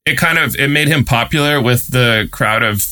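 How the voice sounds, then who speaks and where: Bright-voiced man telling a story. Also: medium pitch, normal speed. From United States. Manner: chatty, with frequent fillers and amused laughs. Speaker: guest reporter and author. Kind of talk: casual storytelling.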